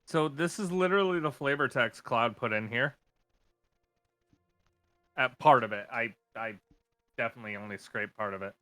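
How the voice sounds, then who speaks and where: A man's voice: medium pitch, moderate pace, long pauses, bright, forceful tone, faint music behind. A man chatting eagerly as a player in a tabletop game session. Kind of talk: casual chat.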